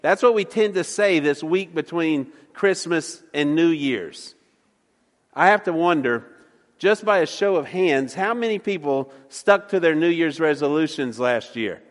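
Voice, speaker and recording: Joking folksy preacher in a reverberant hall. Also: male voice, a little high, animated, a little slow. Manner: joking, folksy, stammers and repeats words. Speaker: pastor. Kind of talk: sermon with jokes. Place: church sanctuary.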